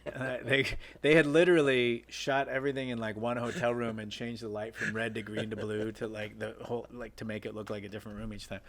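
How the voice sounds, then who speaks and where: A man's voice: mid-range voice, level tone, fairly quick, hardly any pauses, fairly bright tone. A man, a filmmaker, telling rambling behind-the-scenes stories in a casual interview. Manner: rambling anecdotes with many fillers and restarts. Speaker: guest filmmaker.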